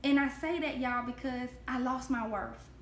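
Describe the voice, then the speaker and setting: High-voiced earnest woman giving a devotional. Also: normal speed, slight background noise. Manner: earnest and heartfelt, repeats phrases for emphasis. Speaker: devotional host. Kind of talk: spoken Christian devotional to camera. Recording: echoey room.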